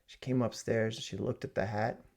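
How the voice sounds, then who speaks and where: A man telling a comic story as a rant from his home basement, swinging from loud exclamations to hushed asides. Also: lowish voice, level tone, moderate pace, vocal fry. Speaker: comedic ranter. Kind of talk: comedic rant.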